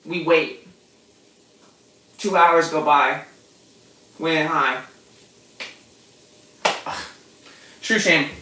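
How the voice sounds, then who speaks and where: A young woman with an African American English accent, chatting and cursing freely as she cooks on a stream. Her voice is bright and sharp, and it sounds roomy because she stands a little back from the mic in an echoey space. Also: sits low, very slow, pauses often, recorded from a distance. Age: young adult. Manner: chatty, profane, laughs often, talks to chat. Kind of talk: casual cooking stream chat.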